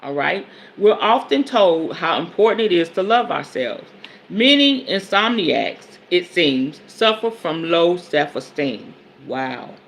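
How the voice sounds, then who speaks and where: Her voice is mid-range, bright and forceful, and faint noise sits behind it. She's in her forties, a spiritual advisor hosting a podcast, reading self-help passages and then preaching on them in an emphatic, colloquial manner.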